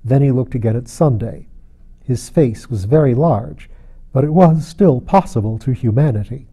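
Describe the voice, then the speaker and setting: A man narrating a classic novel as an audiobook reader, in a measured, steady storytelling manner. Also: medium pitch, breathy edge.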